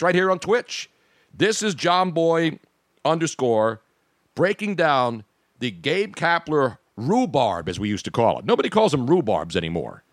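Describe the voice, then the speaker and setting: A man hosting a sports talk show, excitably breaking into the news and calling a goal. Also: fairly high pitch, dry recording, clean studio sound. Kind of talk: live sports talk stream.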